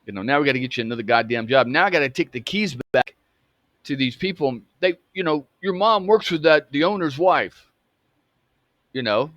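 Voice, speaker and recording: A man's voice: a little high, animated, moderate pace, fairly bright tone, no room sound, muffled recording. A man voicing his angry, scornful middle-aged father, who speaks harshly, mocks and swears. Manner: harsh, mocking, profane.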